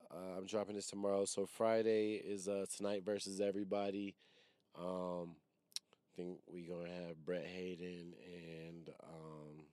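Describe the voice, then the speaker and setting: A man hosting a casual podcast, loose and relaxed, swearing easily and trailing off with ums. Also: deep voice, clean tone, no echo. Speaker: podcast host.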